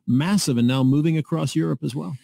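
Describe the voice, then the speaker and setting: A man hosting a radio show, speaking in a relaxed, reflective way in casual chat. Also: fairly high pitch, a little fast, creaky, no echo, clean studio sound. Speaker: radio host. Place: radio studio.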